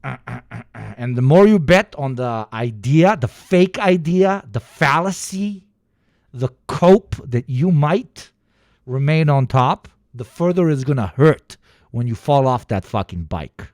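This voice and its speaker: A man streaming a profane, heated political rant, sweating and shouting at times. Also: medium pitch, animated, unhurried, no echo, clean studio sound. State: sweating, flushed. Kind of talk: ranting political commentary.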